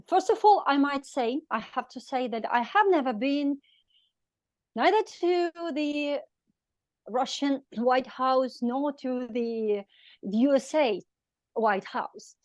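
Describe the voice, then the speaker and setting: A woman's voice: sits high, no room sound. A middle-aged woman with a Ukrainian accent giving a careful impromptu answer at a club meeting. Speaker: meeting participant.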